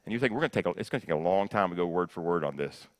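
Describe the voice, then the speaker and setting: A man preaching in a church with a fairly low voice. He is emphatic, repeating the first words of his sentences as he builds. He swings between loud punches and hushed, intense lines. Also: expressive, very fast. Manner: rises to loud emphasis, drops to soft intensity. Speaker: guest preacher. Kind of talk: sermon. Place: church sanctuary.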